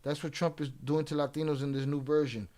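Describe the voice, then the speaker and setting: A man's voice: a little high, flat delivery, a little fast, dark tone. A man hosting a livestream, ranting at chat in a profane, confrontational, taunting way. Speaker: livestream host. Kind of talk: livestream rant addressing chat.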